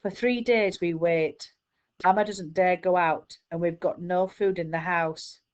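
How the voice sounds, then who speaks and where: A woman teacher reads a children's book aloud, steady and clear. Her voice sits somewhat low. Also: a little slow.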